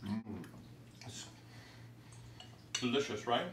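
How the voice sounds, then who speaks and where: A man hosts a home cooking demonstration in a hammy, put-on comic accent. He walks through each step chattily and keeps his pitch in a middle range. The kitchen sounds roomy and noisy, with pans sizzling and clattering behind him. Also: slow. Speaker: cooking show host. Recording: echoey kitchen with background noise.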